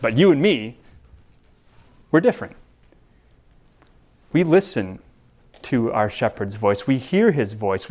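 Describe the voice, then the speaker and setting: A man preaching a sermon as pastor, in a relaxed, conversational way with frequent restarts and repeated words. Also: medium pitch.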